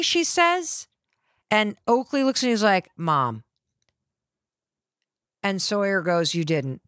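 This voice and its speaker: Animated middle-aged woman telling a story. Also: medium pitch, no echo, clean studio sound. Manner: acts out quoted voices of family and ranger. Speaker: podcast host.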